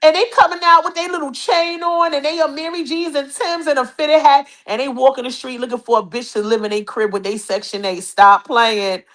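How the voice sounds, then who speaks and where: A woman's voice: sits high, fairly quick, hardly any pauses. Brash New York woman dishing gossip. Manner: brash, animated, profane, mocking. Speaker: podcast host. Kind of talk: casual gossip commentary.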